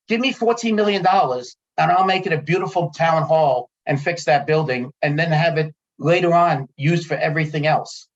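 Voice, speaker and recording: A man in a town meeting room, worked up and frustrated, circling back to the same points again and again. His voice comes through dull, lo-fi meeting audio. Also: sits high. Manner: frustrated, heated, repeats himself. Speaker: resident speaking at a town committee meeting. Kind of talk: public comment at a meeting.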